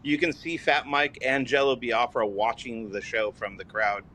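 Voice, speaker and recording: A man with an ordinary mid-range voice tells relaxed, loose anecdotes in a casual podcast chat. A faint low rumble runs behind him. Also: moderate pace.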